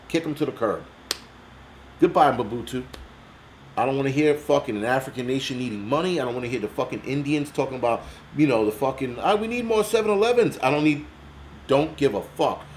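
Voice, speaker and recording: A heated American man rants to his livestream audience, blunt and swearing constantly. His voice sits at a plain middle pitch. A faint background hum runs under the recording. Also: brisk. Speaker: livestream host. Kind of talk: angry ranting livestream.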